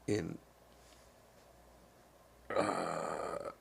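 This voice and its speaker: Low, gravelly older man rambling. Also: measured pace, long pauses, fairly bright tone. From United States. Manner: rambling, sarcastic, many fillers. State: unwell. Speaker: live stream commentator. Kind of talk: casual political commentary.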